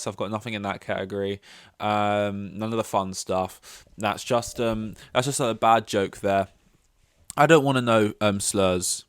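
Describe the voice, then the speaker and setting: A young man rambles through a casual solo podcast, full of ums and self-mocking asides. His voice sits a little low and sounds smooth and clean. The recording is dry and close, with no room echo. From London. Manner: rambling, self-deprecating, many fillers and restarts. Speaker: podcast host.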